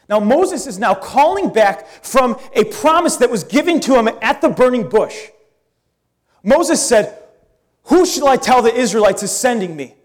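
A male pastor preaches with a fairly high voice. He tells the story in an animated way and breaks into casual, joking asides. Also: unhurried. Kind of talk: sermon.

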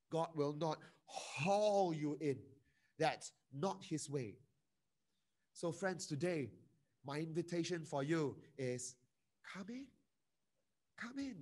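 Pleading pastor, man, hushed to loud. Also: a little high. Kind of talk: sermon. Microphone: video call.

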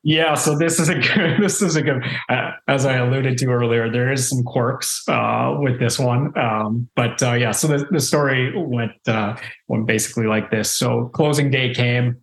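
A man's voice: mid-range voice, moderate pace. Guy from canada rambling thru a story, lots of uhs, echoey room. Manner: rambling, lots of fillers and restarts. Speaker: real estate investor guest. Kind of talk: casual storytelling in an interview. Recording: roomy echo.

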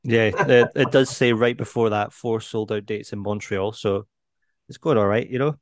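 Male comedian co-host, low-pitched, easygoing dry delivery, dead dry sound. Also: steady tone, normal speed, no echo. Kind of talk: casual podcast banter. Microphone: video call.

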